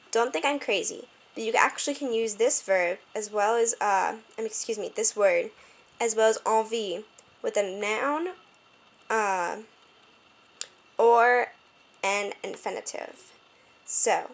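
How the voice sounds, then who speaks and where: Woman tutoring French, patient and slow. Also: medium pitch, low-quality recording. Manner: explains step by step, slows down to spell out French phrases; corrects herself often. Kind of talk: homemade tutoring lesson.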